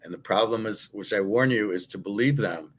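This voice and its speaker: Middle-aged male host, low-pitched, blunt and foul-mouthed, scornful rant delivery. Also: a little fast. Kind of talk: ranting commentary.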